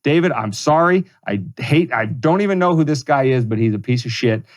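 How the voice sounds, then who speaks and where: A man's voice: medium pitch, animated, brisk. Furious cursing male podcast host. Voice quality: profane, heated, emphatic. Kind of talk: angry political rant.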